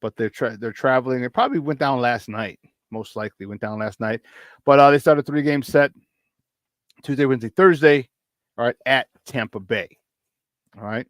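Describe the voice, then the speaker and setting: Chatty Chicago sports host. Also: male voice, mid-range voice, moderate pace, pauses often, no room sound, studio quality. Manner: energetic, chatty, repeats himself for emphasis. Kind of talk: casual sports talk.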